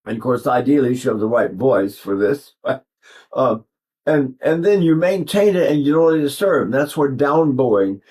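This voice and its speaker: A man's voice: mid-range voice, lively intonation, normal speed, a little mellow. Older man teaching singing, rambling. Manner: rambling, with sung demonstrations. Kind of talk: vocal technique lesson.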